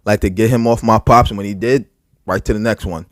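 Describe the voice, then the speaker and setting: A man on a podcast retells a rough night at length, full of "like" and restarts and a lot of swearing. His voice sits on the low side, and the sound is close and dry, with no room around it. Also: fairly quick, dry recording. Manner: heavy filler words, profane, animated retelling. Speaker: podcast co-host. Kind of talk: casual storytelling.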